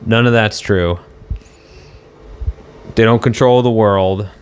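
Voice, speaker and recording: A man's voice: lowish voice, slow, slight background noise. A man on a casual live stream, answering chat in a rambling, argumentative way and swearing now and then.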